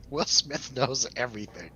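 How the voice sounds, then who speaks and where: Bright-voiced jokey male co-host. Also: mid-range voice, lo-fi sound, a little hiss or hum. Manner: laughs often, jokey asides to viewers. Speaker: co-host of a film review show. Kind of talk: casual chat over drinks.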